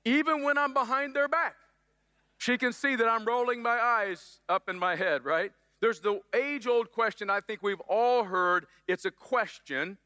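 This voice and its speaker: A man's voice: sits high, normal speed, pushed and bright, big-room sound. A middle-aged man preaching a sermon as pastor, upbeat and joking with the congregation in a church. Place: church sanctuary.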